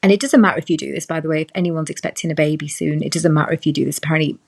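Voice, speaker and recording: Chatty woman telling a story, slightly low voice. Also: steady tone, racing, vocal fry. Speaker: podcast guest. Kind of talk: casual chat.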